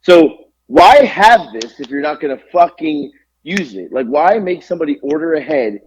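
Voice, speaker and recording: A man's voice: on the high side, normal speed, rough recording. A man co-hosting a podcast, telling a long exasperated story full of swearing. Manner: animated, profane, exasperated ranting. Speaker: podcast co-host. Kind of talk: casual storytelling rant.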